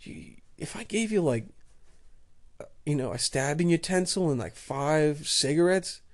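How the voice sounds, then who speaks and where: A man voicing a lonely male prison inmate who makes a quiet, coaxing offer. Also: on the high side, animated, unhurried.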